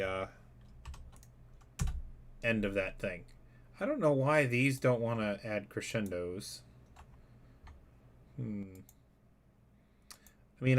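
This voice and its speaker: A man's voice: on the low side, a little hiss or hum. A man hosting a live stream, chatting casually and joking as he thinks aloud while writing music. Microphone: USB studio microphone.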